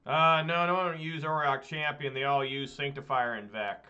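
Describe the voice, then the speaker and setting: A man's voice: fairly high pitch, steady tone, moderate pace, sharp tone, lo-fi sound. A man giving casual, chatty commentary while playing an online card game, swearing when the deck lets him down.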